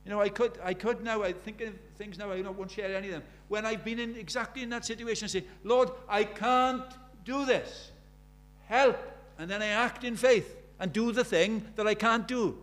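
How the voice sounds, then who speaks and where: Older male preacher, high-pitched, earnest sermon delivery with soft asides and fervent peaks. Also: steady tone, quick pace, few pauses. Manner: earnest, swinging between soft and emphatic, acts out quoted prayers.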